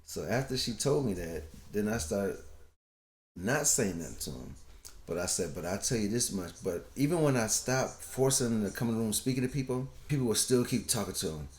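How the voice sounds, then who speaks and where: Middle-aged guy rambling thru family stories, lowish voice, roomy echo. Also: expressive, fairly quick, darkish tone. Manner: rambling storyteller, acts out quoted voices. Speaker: podcast co-host, father. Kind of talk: casual storytelling chat.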